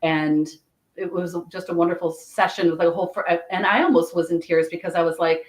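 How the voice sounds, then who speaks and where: A woman who gives Akashic Records readings tells a story in casual conversation. Her voice sits a little low, and she speaks loosely, with frequent restarts. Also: fairly quick, low-quality recording. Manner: chatty, animated storytelling with many restarts. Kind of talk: casual storytelling in a podcast chat.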